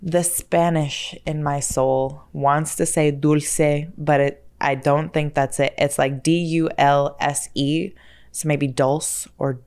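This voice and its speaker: Low-voiced chatty woman podcaster. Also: fairly even intonation, slow, darkish tone, smooth. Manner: chatty and self-deprecating, stumbles over words and laughs at herself. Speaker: podcast host. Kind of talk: casual solo podcast chat.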